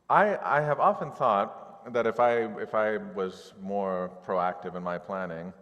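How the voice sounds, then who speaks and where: A male pastor preaching in a relaxed, conversational way and dropping humorous asides. His voice sits fairly low, and a long reverb hangs on every phrase. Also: muffled recording. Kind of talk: sermon.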